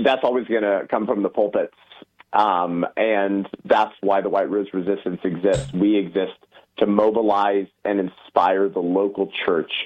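A man's voice: low voice, lo-fi sound. A man explaining ideas earnestly as a guest on a radio talk show, with many ums and uhs.

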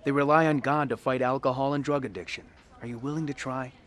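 An actor plays a steady, patient counselor speaking to an addicted man. He talks in a calm, reasoning way and gently urges faith, as in a radio play. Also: mid-range voice, fast talker, lightly acted. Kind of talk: radio drama acting.

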